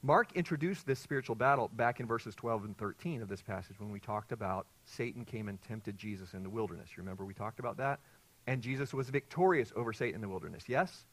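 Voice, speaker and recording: A man preaching an expository sermon to his congregation, teaching earnestly, quizzing his listeners and surging louder on key points. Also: fairly low pitch, fast talker, low-quality recording. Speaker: pastor.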